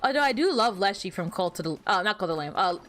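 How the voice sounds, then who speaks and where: A woman streaming a game, chatting casually with viewers in an animated, easily flustered way. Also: mid-range voice, fast, soft background music. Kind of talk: casual gameplay commentary to chat.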